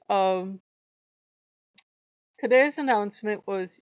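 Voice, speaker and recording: A chatty woman vlogging in a mid-range voice, laughing often and jumping into high, playful quoted voices. The sound is close and dry, with a slightly dull, narrow tone. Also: a little slow, long pauses, dry recording. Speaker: video blogger. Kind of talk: casual chat.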